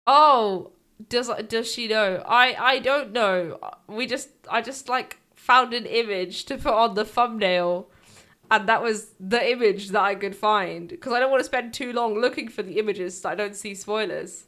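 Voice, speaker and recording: A woman's voice: medium pitch, normal speed, a bit bright. A woman streamer making flustered, chatty asides while playing a game. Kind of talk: casual gaming commentary.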